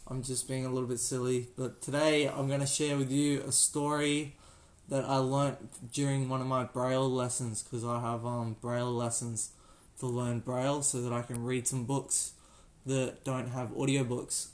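A man's voice: mid-range voice, level tone, moderate pace. An Australian man hosting his own show, telling a story in a casual, rambling, jokey way with many restarts. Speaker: podcast host.

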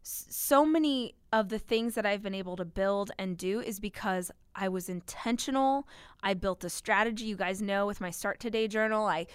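A woman's voice: medium pitch, moderate pace, smooth, dry recording. A woman hosting a solo motivational podcast as a business owner, talking energetically and emphatically straight to her listeners.

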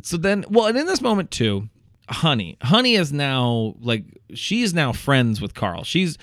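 A man riffs on a bad movie with his co-host, jokey and animated. His voice is bright and swings widely in pitch. The recording is dry and close. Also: measured pace, dry recording. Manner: animated, jokey, bursts into high shouted whoops. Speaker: podcast co-host. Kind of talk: casual movie review chat.

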